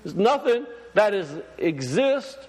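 Male preacher, high-pitched, conversational sermon, quizzes the congregation, long hall reverb. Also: big pitch swings, slow pace. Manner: conversational preaching with many fillers and restarts; asks the congregation questions.

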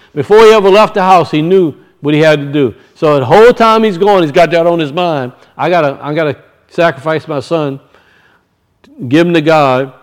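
Smooth-voiced male preacher. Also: high-pitched. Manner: reads scripture slowly, then explains it with frequent restarts. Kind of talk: sermon with scripture reading.

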